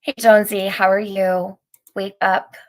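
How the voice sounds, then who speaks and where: A woman's voice: mid-range voice, level tone, a little slow, a little mellow. A woman hosting a live stream, chatting casually with viewers and reading out their comments, laughing often.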